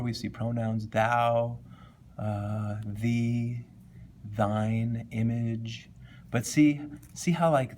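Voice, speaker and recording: A man's voice: mid-range voice, slight background noise. A man giving a casual, enthusiastic lecture on a poem, thinking aloud with many filler words. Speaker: teacher.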